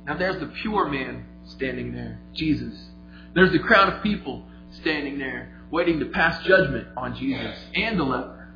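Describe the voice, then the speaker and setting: A man preaching a sermon, retelling a story vividly, moving between quiet and emphatic delivery. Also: a little high. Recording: echoey, slightly dull, faint music.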